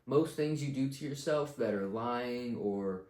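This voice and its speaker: A young man rants about life with blunt confidence, swearing freely as he makes his points. His voice sits at an ordinary pitch and bounces around an echoey room. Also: unhurried, darkish tone. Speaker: vlogger giving life advice. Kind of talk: casual rant to camera.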